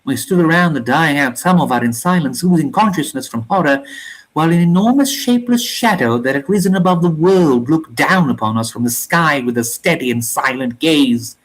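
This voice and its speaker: A storyteller reads a bleak war novella aloud at a steady, measured pace, with a somber tone. The voice sits in a middle register, neither high nor low. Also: rough recording. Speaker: reader of a story channel.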